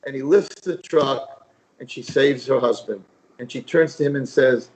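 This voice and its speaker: A man, a rabbi, telling a parable as a guest on a talk show, lively and repetitive. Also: mid-range voice, moderate pace, a little hiss or hum, low-quality recording. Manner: animated storyteller, repeats phrases.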